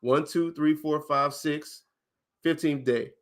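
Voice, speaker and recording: A man's voice: on the high side, steady tone, takes it slowly. Emphatic man teaching on a livestream. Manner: emphatic, asks questions and counts out loud.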